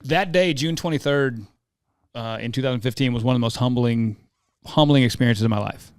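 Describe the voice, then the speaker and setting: A man's voice: mid-range voice, brisk, clean tone, no room sound, clean studio sound. A man in his forties, a former mascot performer, telling stories as a podcast guest and acting out the dialogue he quotes. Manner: animated storyteller who acts out quoted dialogue. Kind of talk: casual interview storytelling.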